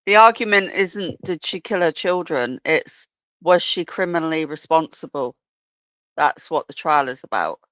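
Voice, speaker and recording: Co-host, dry dull sound, calm explaining, gropes for words. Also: mid-range voice, normal speed, dry recording. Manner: explains calmly, searches for words. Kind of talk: casual chat.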